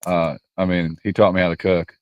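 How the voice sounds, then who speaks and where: Deep-voiced man in relaxed chat. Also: brisk, smooth, no room sound, lo-fi sound. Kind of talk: casual livestream chat.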